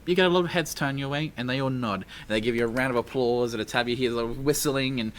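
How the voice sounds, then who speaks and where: A man's voice: medium pitch, fast, slight background noise. A man narrating as dungeon master in a casual, chatty way, with many fillers and frequent laughs. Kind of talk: narrating a tabletop game.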